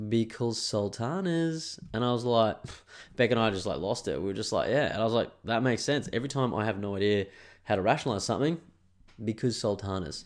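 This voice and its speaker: An Australian man in his thirties hosting a podcast, telling stories in a chatty, animated way and swearing freely. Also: lowish voice. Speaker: podcast host. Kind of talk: casual solo chat.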